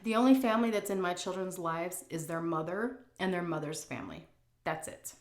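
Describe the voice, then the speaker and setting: A woman's voice: lowish voice, a little fast, echoey room. A woman vlogger chatting frankly while she eats, reading out viewer questions and answering them. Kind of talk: casual chat while eating.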